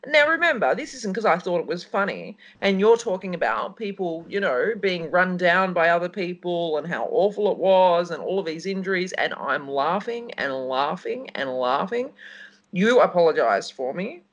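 Animated woman co-hosting a chat show. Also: fairly low pitch, normal speed, highs cut off. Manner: animated, storytelling, rambling. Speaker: co-host. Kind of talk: casual radio show chat.

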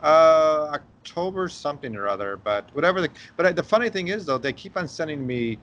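A man's voice: on the high side, lively intonation, fairly quick, fairly bright tone, slight background noise. A man hosting a casual radio-style talk show. He speaks bluntly and gives strong opinions, restarting his sentences as he goes. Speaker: host.

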